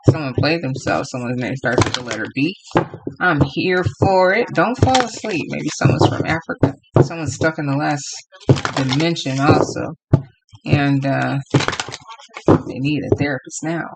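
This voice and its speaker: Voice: mid-range voice, moderate pace, gravelly, very noisy. A tarot reader from Los Angeles giving a casual, rambling reading to viewers and laughing often.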